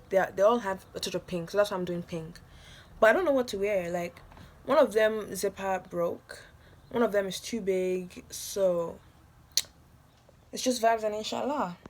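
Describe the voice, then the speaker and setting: A woman's voice: mid-range voice, darkish tone. A young woman talks straight to her viewers in a loose get-ready-with-me vlog. She rambles through a story with constant fillers and breaks into laughter often. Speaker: vlogger.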